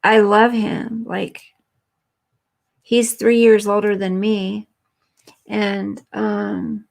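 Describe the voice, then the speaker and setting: A woman's voice: medium pitch, flat delivery, extremely slow, vocal fry, darkish tone. A woman hosting a live stream, chatting earnestly and emotionally with viewers and reading their comments.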